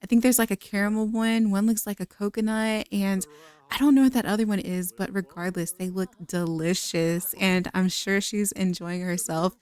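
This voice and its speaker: A woman's voice: mid-range voice, fairly even intonation, moderate pace, a little mellow, clear, resonant tone. A young woman giving chatty, giggly let's-play commentary on a life-simulation game. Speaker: gaming content creator.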